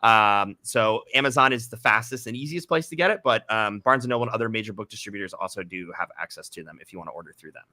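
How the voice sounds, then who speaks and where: A man's voice: fairly low pitch, quick pace, few pauses, bright, forceful tone, no echo. A man being interviewed about his writing, talking casually with many fillers and restarts. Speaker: guest author.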